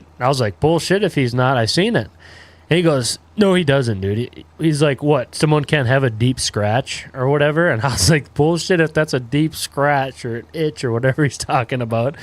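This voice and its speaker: A man in his twenties, a livestreamer telling a crude story in laid-back, rambling casual chat full of fillers. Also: medium pitch.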